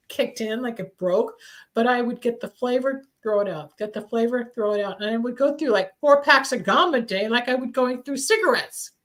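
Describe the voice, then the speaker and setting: A woman's voice: a little high, a bit bright, low-quality recording. A woman hosting a radio talk show, speaking candidly and rambling through a casual conversation about recovery, with a cough now and then. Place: studio in Los Angeles.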